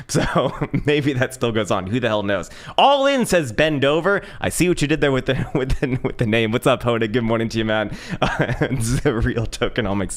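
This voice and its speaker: A man hosting a casual crypto live stream, swearing and laughing as he banters and reads viewer comments aloud. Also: mid-range voice. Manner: profane, laughing, excitable banter.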